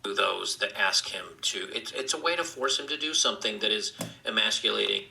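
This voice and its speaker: A man delivering an earnest monologue with a gravelly fry and a very bright, tense tone. He stumbles and restarts his phrases often. The room around him adds a clear echo. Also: lowish voice, lively intonation. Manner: earnest, halting with frequent restarts. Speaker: video commentator being reviewed. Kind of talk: opinion monologue.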